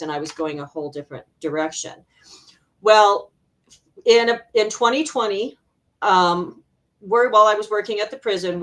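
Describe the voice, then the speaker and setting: Animated middle-aged woman telling stories. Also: medium pitch. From Arizona, USA. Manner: animated, laughs often while telling stories. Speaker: intuitive healer, interview guest. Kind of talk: casual personal storytelling.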